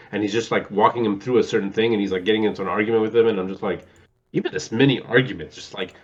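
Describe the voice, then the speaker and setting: A man's voice: on the low side, fast, husky, highs cut off. A man co-hosting a casual movie chat, rambling with many fillers and acting out quotes in a theatrical voice. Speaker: podcast co-host.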